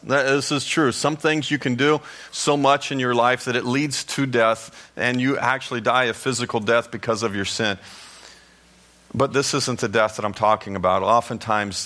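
A male pastor giving a sermon in a conversational, storytelling manner, with lively asides to the congregation. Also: medium pitch.

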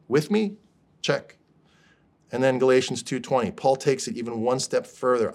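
A man's voice: medium pitch, normal speed. Conversational male preacher. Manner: conversational, checking in with listeners. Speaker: pastor. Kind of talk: sermon.

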